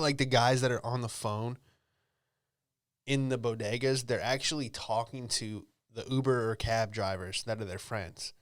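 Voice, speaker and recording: A young comedian and podcast host rambles offhandedly through a solo comedy monologue, full of fillers. His voice is medium-pitched, and the studio-quality recording has no echo.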